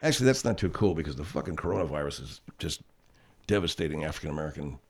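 A man's voice: very deep voice, animated, fast, slightly rough. A male radio show host in casual, profane chat who rambles and laughs easily.

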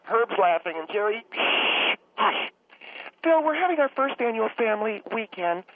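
A man's voice: sits high, big pitch swings, fairly quick, a little hiss or hum, pitched above the performer's own voice. A man voicing a fawning, rambling middle-aged woman caller who gets choked up easily. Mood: gushing. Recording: tinny phone line.

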